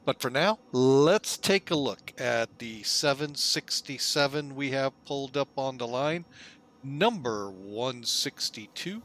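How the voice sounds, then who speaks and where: A man hosting a flight simulator video in a casual, folksy way, relaxed and loose with lots of fillers, often speaking to viewers as folks. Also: mid-range voice, slow. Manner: chatty, folksy, keeps calling viewers "folks". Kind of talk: casual narrated simulator walkthrough.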